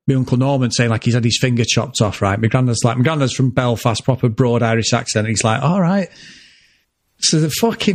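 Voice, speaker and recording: A man co-hosting a podcast, telling a family story in casual chat, laughing often and swearing freely. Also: mid-range voice. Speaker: podcast co-host.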